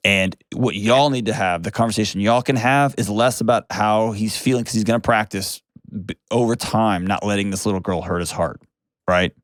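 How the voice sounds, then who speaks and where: Blunt, low-voiced man. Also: moderate pace, no echo, clean studio sound. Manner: direct, blunt and plainspoken, repeating key phrases. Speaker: host. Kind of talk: advice show, talking with a caller.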